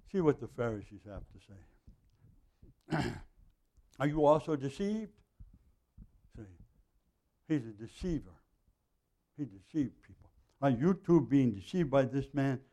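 A middle-aged man teaching a Bible passage verse by verse in a conversational way, with frequent throat clearing and asides. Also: medium pitch, animated, measured pace, long pauses, mellow.

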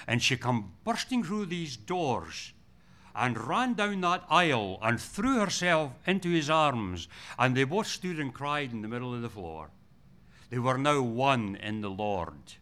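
A man's voice: mid-range voice, bright, forceful tone. A man preaching a sermon, telling personal stories earnestly and often restarting his words.

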